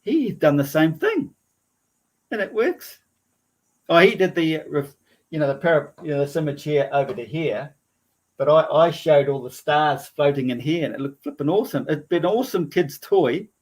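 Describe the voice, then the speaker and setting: A man presenting his ideas in a casual panel discussion, excitable and often trailing off mid-sentence. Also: on the high side, moderate pace. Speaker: guest presenter.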